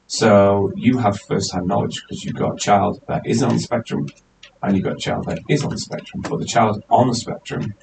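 A man hosting a casual podcast, teasing his guests and jumping up high when excited. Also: normal speed, gravelly. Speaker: podcast host. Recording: distant mic, faint hiss.

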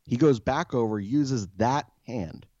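A man's voice: medium pitch, a little slow, warm tone, dry recording, highs cut off. A man co-hosting a podcast, telling a story in a profane, exasperated rant. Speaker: podcast co-host. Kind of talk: casual storytelling.

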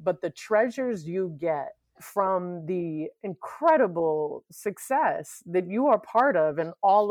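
A woman's voice: fairly low pitch, dry recording. A woman hosting a podcast conversation, supportive and earnest toward her guest. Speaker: host.

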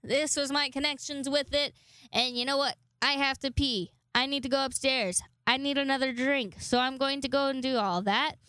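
A woman's voice: high-pitched, steady tone, normal speed, pushed and bright, dry recording. Rambling, profane young woman podcaster. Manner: rambling, profane, self-deprecating. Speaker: podcast host. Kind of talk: casual solo podcast chat.

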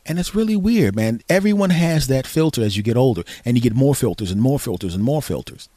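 A man's voice: medium pitch, fast, no echo. Ranting middle-aged man on a dry mic. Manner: ranting, animated, shifts into mock voices. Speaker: podcast host. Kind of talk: comedic solo monologue.

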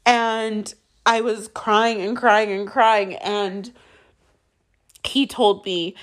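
A woman's voice: medium pitch, extremely slow. Woman telling a raw personal story. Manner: raw, casual, frequent "like" and swearing. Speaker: storyteller recounting her own experience.

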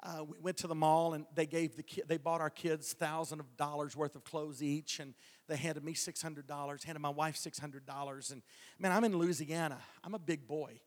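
A man's voice: fairly high pitch, fairly even intonation, moderate pace. A male evangelist telling a testimony from the pulpit, folksy, with stammering restarts and chuckles. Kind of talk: preaching a testimony. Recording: long hall reverb.

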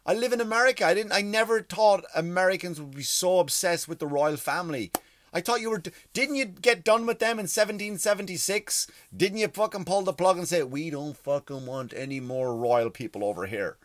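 A man doing a profane, animated stand-up comedy rant on stage. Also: brisk, dry recording. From Ireland. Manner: profane, animated storytelling with sudden pitch jumps.

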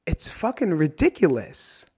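A man's voice: on the high side, big pitch swings, measured pace, dark tone, husky. A man from New Jersey hosting a podcast in a solo monologue, candid and emotional, swearing freely and ending his points with "right?". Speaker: podcast host.

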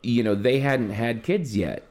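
A man co-hosting a podcast, telling a family story in a casual, rambling way, full of fillers and lively swings in his voice. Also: a little slow. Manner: rambling, many fillers, animated pitch swings. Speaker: podcast co-host.

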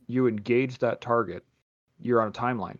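Male host, casual and profane, tells stories with lots of restarts; average-pitched voice, dull recording. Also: moderate pace. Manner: profane, rambling, animated storytelling. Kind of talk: casual chat.

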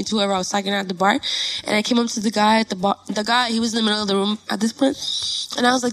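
A young woman from Los Angeles, a musician telling a story in a casual interview, animated and profane, loudly acting out what people said. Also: on the high side, rapid-fire, creaky, poor audio. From Northeast Los Angeles. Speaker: musician guest.

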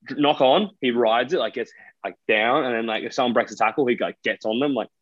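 A young Australian man co-hosts a casual podcast, speaking briskly at medium pitch and rambling with many fillers and restarts. The chat is recorded with a dry, dull lo-fi sound.

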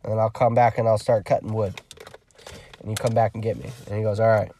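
A man's voice: fairly low pitch, fast talker. A young man telling a rambling, profane story in a casual vlog, acting out the dialogue. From California. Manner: rambling, profane, animated retelling with quoted dialogue. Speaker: vlogger.

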